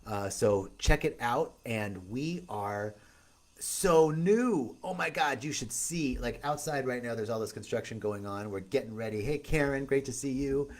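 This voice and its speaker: At an outdoor retreat in a tropical setting, a male retreat host runs a loose, upbeat live stream and greets viewers by name. His voice is medium-pitched and animated, though his pace stays measured.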